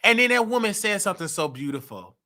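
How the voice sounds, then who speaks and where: A male show host rants on a livestream, boastful and repetitive. His voice sits high and swings widely, bright and forceful. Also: sing-song, fast. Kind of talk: casual livestream rant.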